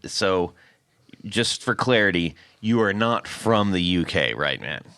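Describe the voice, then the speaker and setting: A man's voice: low voice, animated, a little slow, sharp tone, smooth, no echo, studio quality. A man hosting a podcast in casual chat, rambling with restarts and laughing often. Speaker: podcast host.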